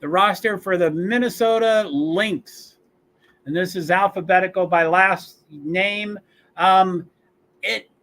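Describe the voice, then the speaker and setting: Rosters and stats get read aloud by a man running a casual sports watch-along stream, full of fillers, pauses and chatty digressions. He has a high, bright voice with a forceful tone.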